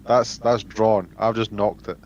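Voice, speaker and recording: A man's voice: fairly low pitch, fairly even intonation, unhurried, darkish tone, muffled recording, a little hiss or hum. A man playing a tabletop role-playing game over voice chat, insistently correcting details. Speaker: player.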